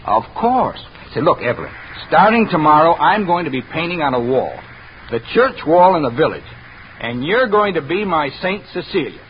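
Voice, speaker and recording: An actor playing an earnest painter husband in 1940s radio-drama style. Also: male voice, a little high, very animated, normal speed, a little hiss or hum. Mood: eager. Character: painter husband, eager then weary. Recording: dull lo-fi old radio recording.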